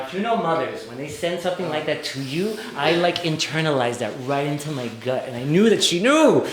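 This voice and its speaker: A young man telling a comic personal story live on stage, animated and often laughing as he talks. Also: a little high, roomy sound. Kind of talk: live storytelling before an audience. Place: stage before a live audience.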